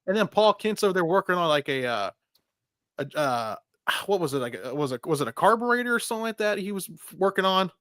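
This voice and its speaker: A man's voice: high voice, quick pace, no echo, studio quality. A man co-hosting a casual movie review podcast, swearing freely and putting on mocking voices. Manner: profane, animated, does mocking voices. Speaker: podcast co-host.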